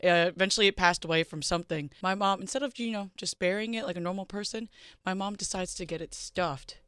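A co-host telling a relaxed anecdote in casual chat. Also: mid-range voice, fast, clean tone, no echo, clean studio sound.

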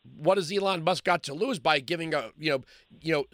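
A man's voice: a little high, fairly quick, a bit bright, no room sound. A man hosting a call-in radio talk show, chatting loosely with frequent restarts and fillers.

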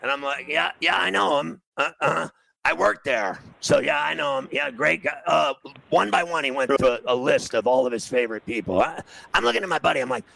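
A middle-aged man tells a casual anecdote and acts out every bit of quoted dialogue. His voice is heavily gravelly and full of fry. It has a bright, forceful edge. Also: on the high side, lively intonation, fairly quick, rough recording. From New York City.

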